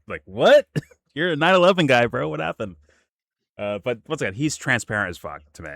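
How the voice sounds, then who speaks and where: A man's voice: mid-range voice, sing-song, a little fast, creaky, fairly bright tone, no echo, clean studio sound. A man hosting a casual reaction stream, laid-back and laughing often.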